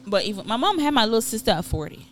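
A woman co-hosting a casual celebrity gossip chat, talking in an animated, emphatic way with plenty of asides. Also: on the high side, racing, faint music behind. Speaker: podcast co-host.

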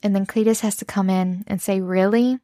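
Casual podcast woman, gushing and excitable, close dry mic, mid-pitched. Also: fairly quick, no room sound. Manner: excited, gushing, swears freely. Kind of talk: casual chat recapping a novel.

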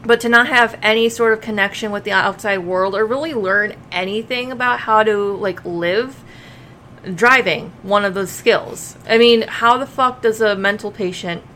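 A woman's voice: mid-range voice, normal speed, bright, forceful tone, slight background noise. Chatty, blunt woman podcast co-host. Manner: chatty, blunt, swears casually. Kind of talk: casual chat.

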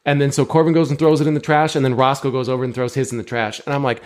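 Podcast co-host, male, 30s, lively swearing storyteller. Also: mid-range voice, very fast. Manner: animated storyteller, swears a lot, acts out his kids. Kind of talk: casual chat.

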